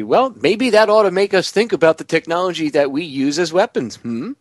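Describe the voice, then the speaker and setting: A man's voice: fairly high pitch, lively intonation, brisk, few pauses, dry recording. Male talk radio host, casual and slangy, sarcastic, dry close sound. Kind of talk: radio talk show discussion.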